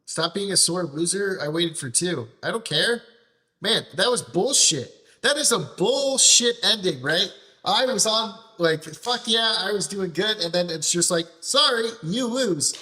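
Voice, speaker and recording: A man with a high, forceful voice rants at length about a game, swearing constantly. He trips over his words and restarts sentences as the frustration spills out, keeping the loose tone of live gameplay commentary. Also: expressive, unhurried. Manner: ranting, frustrated, heavy swearing; repeats and restarts phrases while venting. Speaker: streamer.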